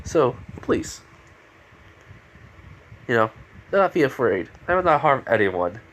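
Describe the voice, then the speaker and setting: A young man voicing a calm, formal male villain who speaks in stiff, polite phrases, with a stuffy nose. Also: mid-range voice, unhurried, a little hiss or hum, low-quality recording.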